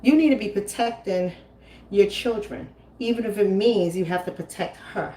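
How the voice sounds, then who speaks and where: A woman's voice: medium pitch, normal speed, mellow, slight background noise. A woman in her forties, a host talking at home in a casual stream, emphatic and preachy, repeating her phrases. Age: 40s. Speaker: commentary host. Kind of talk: casual live-stream talk. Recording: roomy, from a distance.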